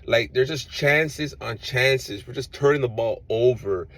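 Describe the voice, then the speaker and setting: A man's voice: medium pitch, a little slow, fairly bright tone, no echo, rough recording. A man talking as a football fan in a casual reaction vlog, frustrated and ranting, often repeating himself.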